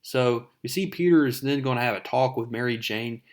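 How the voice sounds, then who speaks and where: A man's voice: mid-range voice, a little fast. A man casually recapping a comic book, speaking with fillers and calling his viewers folks.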